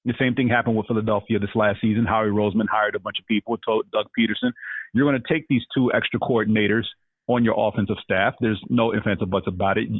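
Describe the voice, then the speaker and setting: A man's voice: fairly low pitch, steady tone, fast talker, husky, no echo, narrow, tinny audio. A man co-hosting a sports podcast, talking in an opinionated, emphatic way. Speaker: podcast co-host. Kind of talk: casual sports chat.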